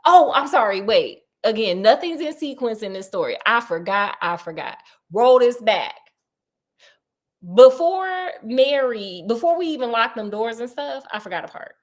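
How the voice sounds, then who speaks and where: A woman's voice: fairly high pitch, very animated, moderate pace, darkish tone. A woman retelling a story in a casual, chatty way, with digressions and laughing asides.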